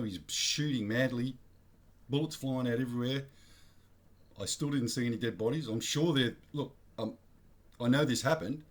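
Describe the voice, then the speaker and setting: Australian male vlogger, mid-pitched, blunt and slangy, talks off the cuff with lots of self-corrections. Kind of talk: casual opinion monologue.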